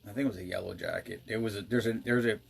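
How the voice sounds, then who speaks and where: A man co-hosting a casual chat, telling rambling family stories with deadpan jokes. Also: on the low side, rapid-fire, vocal fry, breathy edge. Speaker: podcast co-host.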